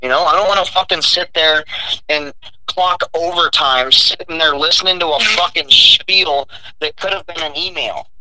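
A man's voice: fairly high pitch, moderate pace, background noise. A young man, a welder, telling a blunt, profane story about work in casual chat.

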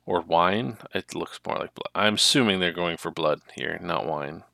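A man with a low, gravelly voice that has a bright, forceful edge chats freely and retells stories at length. He sounds casual and talkative, recorded dry and close. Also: normal speed, dry recording. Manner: chatty, retells plots at length. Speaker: podcast co-host. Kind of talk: casual chat.

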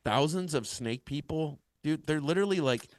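A man's voice: on the high side, lively intonation, moderate pace, no echo. A man in his thirties, a podcast co-host, telling a rambling, profane story in casual chat.

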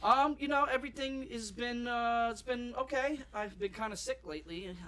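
A man's voice: very high-pitched, moderate pace, sharp tone. A man with a Long Island New York accent, hosting a podcast in brash, laid-back casual chat. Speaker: podcast host.

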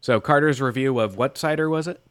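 A middle-aged man co-hosting a casual podcast chat, wry and quick to laugh, swearing casually. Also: mid-range voice, smooth, dry recording, studio quality. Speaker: podcast co-host.

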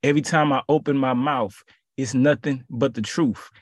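Street-casual preacher, man, slightly raspy, repetitive emphatic delivery, dead-dry sound. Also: mid-range voice, steady tone, normal speed, no echo. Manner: conversational, slangy, repeats phrases. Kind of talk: casual sermon.

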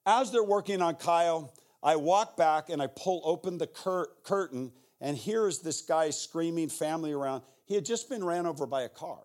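A middle-aged man preaching as a guest speaker, telling stories in a conversational way that swings from hushed to intense. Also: a little high, normal speed, hardly any pauses. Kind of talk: storytelling sermon.

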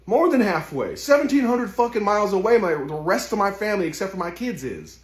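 A man's voice: high voice, sing-song, fairly quick, echoey room. A man giving an impassioned, profane motivational monologue, speaking intensely and swearing heavily.

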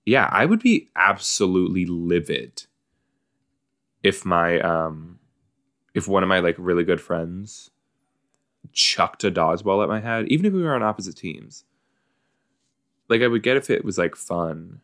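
A man's voice: low-pitched, expressive, unhurried, pauses often, a bit bright. A man hosting a casual watch-along podcast, reacting chattily to a show with lots of likes and you-knows. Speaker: podcast host reacting to an episode.

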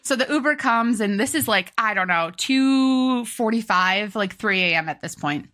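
Bright, animated young woman storyteller. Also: fairly high pitch, normal speed. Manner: animated, laughing, acts out quotes loudly. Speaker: podcast co-host. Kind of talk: casual storytelling chat.

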